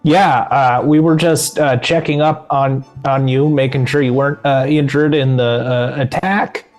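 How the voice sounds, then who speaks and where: A man's voice: mid-range voice, steady tone, measured pace, faint music behind. A man playing a tabletop game, talking hesitantly with many fillers. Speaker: player.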